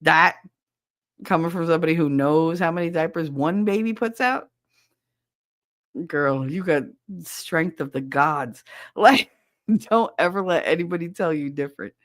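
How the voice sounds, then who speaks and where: On her podcast, a woman chats casually with listeners as she reads their messages, swearing freely and not mincing words. She speaks a little slowly in a low-pitched voice, pausing often, and the studio sound is clean with no echo.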